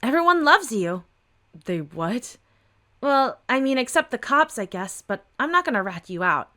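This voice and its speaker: Bubbly young woman, high and quick, friendly, as the reader puts her on. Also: sing-song, bright, forceful tone. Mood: eager. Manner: upbeat, eager.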